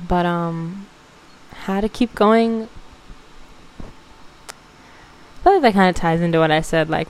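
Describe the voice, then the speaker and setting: A young woman talks straight to her listeners in a casual, heartfelt podcast monologue. Her voice sits a little low. She is emotional and close to tears, swears freely and laughs through it. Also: a little mellow, slight background noise, poor audio. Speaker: podcast host.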